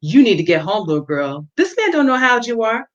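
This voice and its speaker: A jealous young woman shouts demands in a raised, sharp pitch, as a woman reading a story puts her on. Her voice climbs high and carries an angry bite. The sound is dull and lo-fi. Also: very animated, fairly quick. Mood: furious. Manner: demanding, snapping. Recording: dull lo-fi audio.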